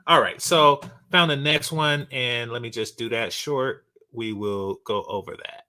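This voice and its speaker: A man's voice: mid-range voice, a little slow, pushed and bright. Blunt rambling male commentator. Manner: blunt, rambling, frequent fillers. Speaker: commentary channel host. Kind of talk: casual reaction commentary.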